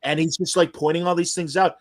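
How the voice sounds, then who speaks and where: A man hosting an interview podcast, telling stories in an animated, emotional, casual way. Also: a little high, fairly quick. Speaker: podcast host interviewing comic creators. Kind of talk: casual chat.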